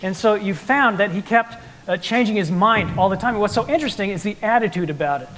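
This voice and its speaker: A man playing piano in a trio, explaining the music to a live audience in an animated, playful lecture-demonstration. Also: high voice, fast. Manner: animated, playful explainer acting out the composer's attitude. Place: concert hall with live audience.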